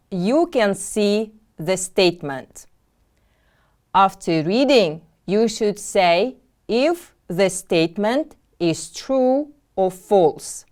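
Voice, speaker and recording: A woman teaching an English lesson, patiently drilling vocabulary and repeating each word twice. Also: mid-range voice. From Kyrgyzstan. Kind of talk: slow, clearly enunciated classroom lesson.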